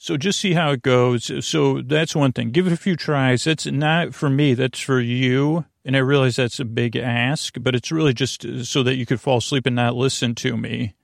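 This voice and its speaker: A man hosting a sleep podcast, talking in a slow, meandering bedtime monologue that keeps drifting off topic and interrupting itself. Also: medium pitch, steady tone, gravelly, no room sound, studio quality. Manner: meandering, self-interrupting, soft-spoken.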